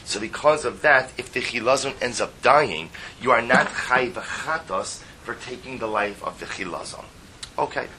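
A man leads a Talmud class, moving through the text with rhetorical questions and the Aramaic in a style. His voice is bright and forward, at a middle pitch. A faint noise sits under the recording. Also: lively intonation, normal speed, poor audio. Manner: explaining with rhetorical questions, mixing Aramaic terms into English. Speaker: Talmud teacher.

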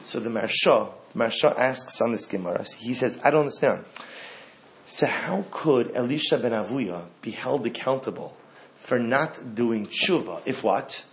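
A man giving an animated Torah talk. He repeats phrases and swings from hushed to loud. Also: medium pitch, normal speed, a little hiss or hum.

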